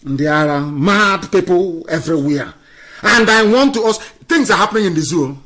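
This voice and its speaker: A man delivering an impassioned political radio address, scornful and fiery, swinging between loud outbursts and quiet asides. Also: high-pitched, lively intonation, moderate pace. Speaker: radio broadcaster.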